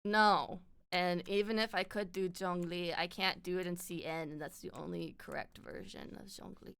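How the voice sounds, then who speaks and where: Bright-voiced woman chatting on stream. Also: on the low side, steady tone, normal speed, creaky, clean tone. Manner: laughs often, swears casually. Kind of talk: casual chat. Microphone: streaming mic with compressor.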